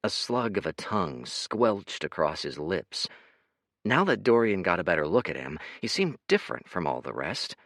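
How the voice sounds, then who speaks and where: A man narrating an audiobook in an expressive, dramatic reading. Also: sits low, normal speed, no echo, studio quality.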